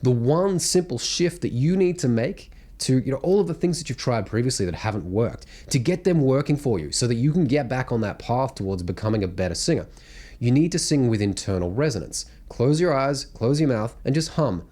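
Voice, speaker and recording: Animated, blunt male singing coach. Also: mid-range voice, fairly quick. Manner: blunt, animated teaching with sung and hummed demonstrations. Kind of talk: vocal technique lesson to camera.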